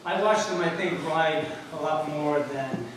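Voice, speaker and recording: Halting man telling stories in an echoey hall. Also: fairly high pitch. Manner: rambling, halting, laughing through stories. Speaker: eulogist, former jockey. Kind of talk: anecdotal memorial speech. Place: memorial service venue. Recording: echoey hall, mic from far off, noisy.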